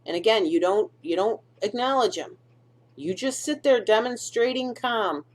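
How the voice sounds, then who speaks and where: A woman's voice: medium pitch, normal speed. A middle-aged woman hosting a dog-care video, talking casually through instructions and often checking in with "okay?" and "do you see?".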